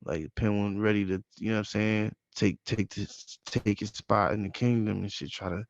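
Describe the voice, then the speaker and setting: A man hosting a podcast in casual chat, animated and insistent, repeating his points. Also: lowish voice, moderate pace, no room sound, dull audio. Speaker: podcast host.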